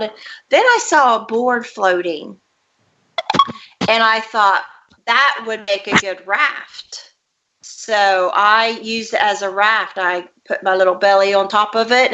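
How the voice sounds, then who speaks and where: An author being interviewed earnestly recounts a childhood memory in detail. Her voice is fairly high and sharp-toned, and the lo-fi audio sounds dull.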